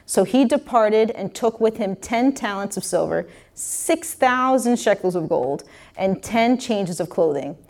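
A woman's voice: medium pitch, lively intonation, measured pace, darkish tone. A woman preacher reading a scripture passage aloud and explaining it in a casual, conversational way with frequent restarts.

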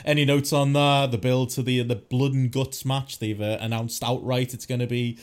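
Brief: mid-pitched male co-host, easy conversational delivery, leads the topics. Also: flat delivery, normal speed, clean tone. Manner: conversational, steers topics, asks questions. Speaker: podcast co-host. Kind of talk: casual chat.

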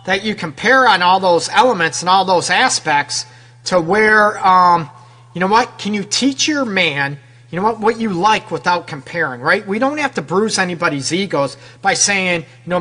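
A fairly high-pitched man with a bright, forceful tone hosts a radio advice show. He speaks to his listeners in a frank, loose, conversational way and keeps asking them questions. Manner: talks straight to listeners with rhetorical questions. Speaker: radio show host and relationship counselor.

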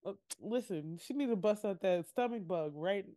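This podcast co-host, a young adult woman, talks through a show recap in a casual, animated way, acting out quotes while laughing. Her voice is medium-pitched and she speaks at a normal speed.

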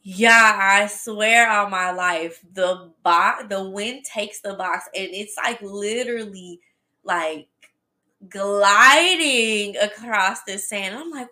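A woman hosting a podcast, telling a personal story in a chatty, animated way and talking straight to her listeners. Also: medium pitch, takes it slowly. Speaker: podcast host. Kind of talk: casual storytelling.

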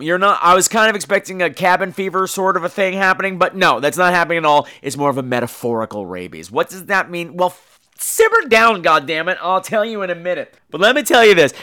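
Male podcast host, high voice that swings all over, wisecracking film reviewer. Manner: animated, jokey and profane. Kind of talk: casual film review monologue.

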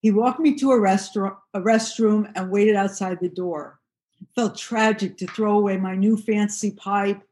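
A woman reading her own first-person memoir aloud in a steady, measured storytelling voice. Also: medium pitch. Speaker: narrator.

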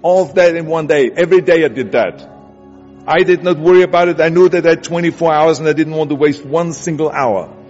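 A man's voice: on the high side, brisk, a little mellow. German-accented man giving an emphatic speech. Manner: emphatic, repetitive build-ups. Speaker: motivational speaker. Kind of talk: motivational speech. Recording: echoey hall, dull sound, music behind.

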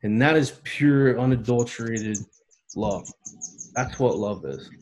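A man's voice: medium pitch, slow pace, darkish tone, rough recording. A man in his thirties telling an emotional personal story in a casual conversation, earnest and heartfelt. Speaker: podcast guest.

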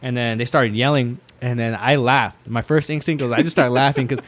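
A man's voice: medium pitch, fairly even intonation, a little fast. A young man casually telling a rambling, filler-heavy story as a podcast guest, often laughing as he talks.

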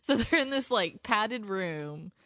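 A woman's voice: medium pitch, expressive, takes it slowly, fairly bright tone, no echo. A woman co-hosting a casual podcast, laughing often as she presents song facts. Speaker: podcast co-host. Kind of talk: casual chat.

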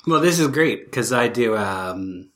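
This is a player in a tabletop role-playing game, talking at a mid-range pitch. The delivery is animated and chatty, with quick reactions as each scene unfolds.

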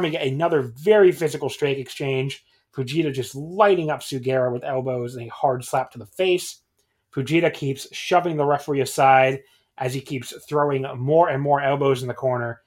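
A man casually reviewing wrestling shows on a podcast, rambling with lots of fillers and little chuckles. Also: mid-range voice.

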